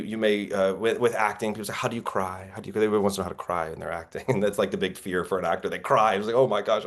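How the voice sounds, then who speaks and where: A man coaching actors in an online workshop, telling stories in an earnest, reflective way over a video call. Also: fairly low pitch. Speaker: acting coach.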